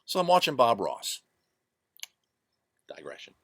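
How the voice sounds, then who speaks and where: A man's voice: mid-range voice, wildly swooping pitch, measured pace, gravelly, fairly bright tone, husky, no room sound, clean studio sound. A man chatting casually to camera at home through his laptop mic, rambling and joking at his own expense. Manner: rambling, self-deprecating, full of digressions. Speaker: vlogger. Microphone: laptop microphone.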